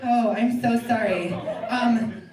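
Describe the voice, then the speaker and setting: A woman's voice: on the high side, fairly even intonation, slow, crowd noise. A young woman doing a live improv character, a giddy, scatterbrained Southern girl child star obsessed with toys, who rambles and trails off mid-sentence. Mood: flustered giddy. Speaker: improv performer. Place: theatre stage. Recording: echoey stage, distant mic, loud audience.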